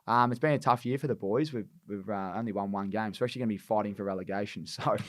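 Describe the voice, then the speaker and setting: A man's voice: lowish voice, quick pace, fairly bright tone, no room sound. A young man on a podcast, telling stories in a laid-back way with plenty of fillers. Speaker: podcast guest, former footballer. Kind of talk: casual chat.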